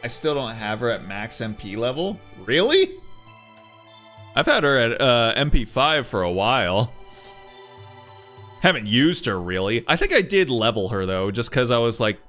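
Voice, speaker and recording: A male streamer chatting casually over a game, rambling and cursing freely. His pitch is lively, rising and dropping as he talks. The tone is loose and offhand. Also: normal speed, faint music behind.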